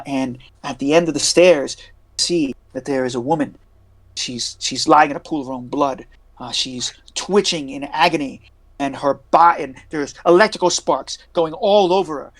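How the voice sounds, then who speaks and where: A man narrating as game master of a tabletop game, halting and full of fillers. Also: a little high, fairly bright tone, rough recording.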